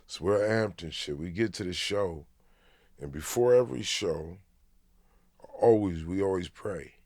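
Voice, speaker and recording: A man from Los Angeles, a comedian guest telling a story in a podcast interview, swearing freely and swinging between hushed and excited. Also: sits low, a little slow, no room sound, studio quality. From Los Angeles, USA.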